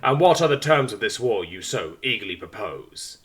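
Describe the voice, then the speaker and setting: A man's voice: fairly low pitch, very animated, moderate pace, a bit bright. A man voicing a weary male human ambassador who speaks firmly and sarcastically. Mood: grave. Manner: sarcastic, firm.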